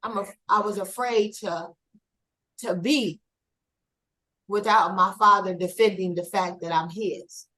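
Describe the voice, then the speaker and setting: A woman talking in a conversation, reflective and halting, with many fillers and a rising emotional intensity. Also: mid-range voice, steady tone, pushed and bright, rough recording. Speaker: guest.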